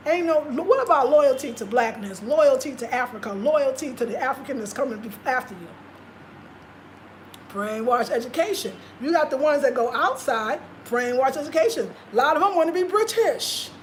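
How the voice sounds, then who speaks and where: A woman vlogger with a high, lively voice talks at a normal speed during a casual live stream, with slight background noise. She speaks passionately and repeats her points for emphasis.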